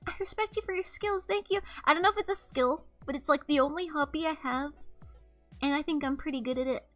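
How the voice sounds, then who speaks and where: A woman's voice: high voice, brisk, faint music behind. A young woman streaming live, chatting casually and reading chat messages aloud in a playful, self-mocking way.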